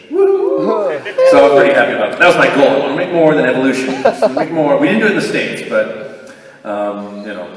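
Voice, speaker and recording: A man's voice: mid-range voice, recorded from a distance. Rambling man in an echoey hall. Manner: rambling, chatty, laughs often. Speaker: voice actor convention guest. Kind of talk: casual convention Q&A. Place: convention panel room. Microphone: audience camera far from stage.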